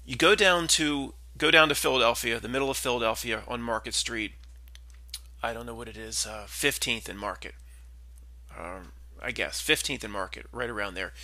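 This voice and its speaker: Gravelly, bright-voiced rambling man. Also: mid-range voice, no echo. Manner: meandering, skeptical, full of restarts and asides. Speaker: podcast host. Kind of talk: rambling casual monologue.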